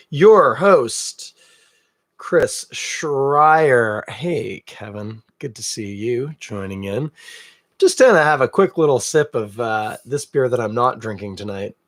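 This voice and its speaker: A man's voice: medium pitch, lively intonation, takes it slowly, dry recording, clean studio sound. A man with a stuffy, snuffly cold hosting a casual live beer-tasting podcast, chatty and self-deprecating with rambling asides. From Canada. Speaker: podcast host.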